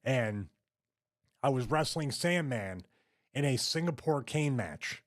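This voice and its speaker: A man's voice: mid-range voice, slow pace. A man casually telling an old wrestling road story, laughing often as he goes. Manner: laughing, animated anecdote telling. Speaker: retired wrestler guest.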